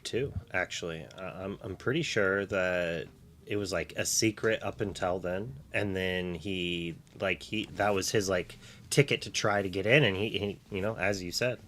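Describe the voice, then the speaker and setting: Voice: low voice, moderate pace, fairly bright tone, a little hiss or hum. A co-caster on a live card game stream who speaks hesitantly and makes fun of themself. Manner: hesitant, self-deprecating.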